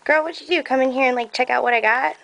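A woman chatting excitedly as she unboxes craft gifts, gasping and gushing, with lots of "like" and "oh my God". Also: high voice, creaky, slight background noise, poor audio. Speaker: crafting vlogger. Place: crafting room at home.

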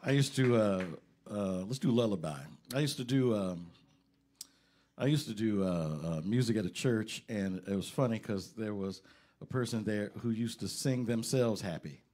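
A man's voice: lowish voice, normal speed, dark tone. A man leading a jazz band, talking casually from a club stage between songs, rambling and joking with many fillers. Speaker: bandleader and pianist introducing songs.

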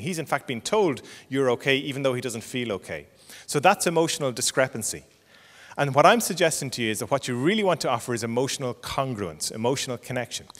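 A middle-aged Irish psychologist giving a parenting talk, explaining patiently and checking in with frequent "okay?". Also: male voice, mid-range voice, fairly bright tone, in a large hall. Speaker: clinical psychologist.

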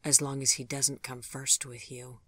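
Tender, refined gentleman, read by the narrator, soft and courtly, mid-pitched and dry. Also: little pitch movement, normal speed, breathy edge, no room sound. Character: gentle, refined older gentleman who loves elegance.

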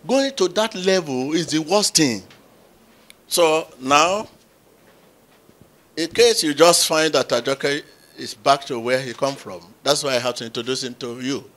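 Animated pastor telling a story. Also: male voice, on the high side, measured pace. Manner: animated storyteller who acts out quotes with sudden loud exclamations. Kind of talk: preaching, telling a story to a congregation.

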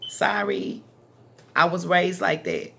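A woman's voice: fairly low pitch, takes it slowly, creaky, pushed and bright, slight background noise. A woman from Dallas, hosting a casual talk conversation in a blunt, emphatic manner. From Dallas, Texas. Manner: blunt, emphatic, street-talking. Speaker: channel host.

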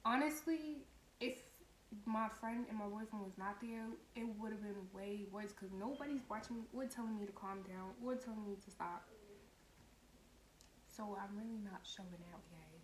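A young woman telling a storytime, animated, blunt and full of profanity. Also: mid-range voice, moderate pace, slight background noise. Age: young adult. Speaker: vlogger and lash tech. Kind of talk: storytime monologue. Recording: echoey room.

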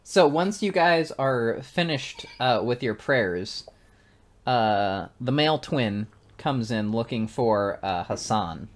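A man in a mid-range voice who narrates a tabletop game as game master. He sounds relaxed and fills his talk with fillers, over a faint hiss with clicks. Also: medium pitch, takes it slowly. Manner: relaxed, laughs often, many fillers.

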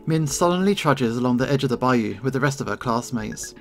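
A man hosting a let's play, reading the narration of a story game aloud in an expressive, dramatic way. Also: medium pitch, a little fast, few pauses, soft background music.

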